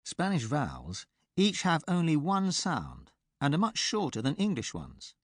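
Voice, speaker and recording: A man presenting a pronunciation course in a clear, measured teacher's delivery, recorded close on a studio mic. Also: a little high, wildly swooping pitch, dry recording. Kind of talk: scripted instructional narration.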